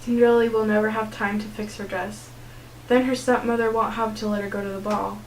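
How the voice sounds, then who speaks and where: A young woman voicing a plump, kindly male mouse in a storybook read-aloud, soft and sympathetic. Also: medium pitch, little pitch movement, a little fast, echoey room, a little hiss or hum, natural voice, rough recording.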